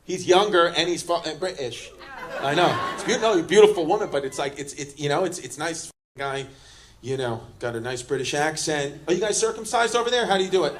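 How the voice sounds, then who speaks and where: A man doing stand-up, brashly teasing audience members in rapid-fire crowd work. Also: on the high side, lively intonation, slight background noise. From Queens, New York. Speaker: stand-up comedian. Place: comedy club stage. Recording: comedy club with loud laughing crowd.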